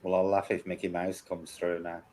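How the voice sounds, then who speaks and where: A man, a paranormal investigator, talks casually with his group and asks questions into the quiet. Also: low-pitched, flat delivery, moderate pace. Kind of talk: casual group discussion during a spirit session.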